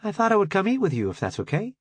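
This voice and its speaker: A man's voice: high voice, huge pitch swings, racing, slightly rough, no room sound, voice pushed up, exaggerated voice. A man voicing a playful young woman in an audiobook. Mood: friendly.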